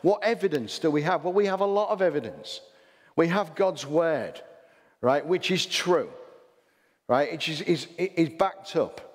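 A man's voice: fairly high pitch, expressive, measured pace. A man with a Hull accent preaching a sermon, chatty and full of rhetorical questions and restarts. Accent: Hull English. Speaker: pastor. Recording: long hall reverb.

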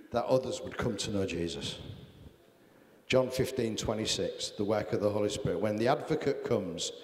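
A man's voice: on the low side, echoey room, long reverb tail. A man preaching a sermon, earnest and self-deprecating, reading Bible passages aloud. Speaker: pastor.

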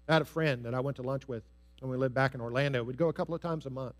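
A man preaching a sermon in an earnest, storytelling way, stressing key phrases and dropping soft on others. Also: mid-range voice, rapid-fire. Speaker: pastor.

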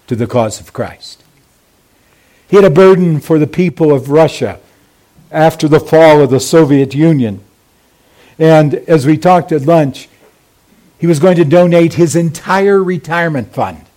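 A man as pastor, preaching a sermon slowly and deliberately with emphatic pauses. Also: fairly high pitch, dark tone.

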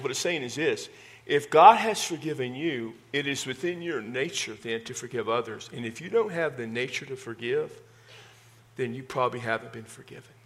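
A man's voice: mid-range voice, a bit bright. A middle-aged man with a Texas accent, a pastor preaching a conversational sermon with self-deprecating humor. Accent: Texan.

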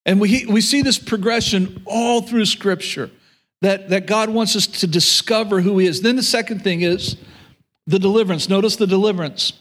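Earnest high-voiced male preacher. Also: moderate pace, fairly bright tone. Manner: earnest, repeats words, paraphrases God's voice. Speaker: pastor. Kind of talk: sermon. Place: church room with audience.

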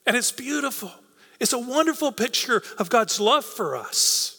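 A man's voice: extremely high pitch, animated, normal speed, bright, forceful tone. Earnest man preaching in a reverberant hall. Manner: earnest, repeats words for emphasis, coaxing. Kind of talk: sermon.

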